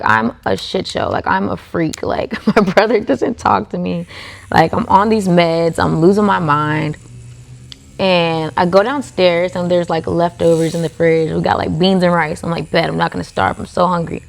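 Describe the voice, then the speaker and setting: This woman's voice sits on the low side and carries vocal fry. As a guest on a podcast filmed in a tattoo studio, she chats casually through a story, dropping "like" again and again.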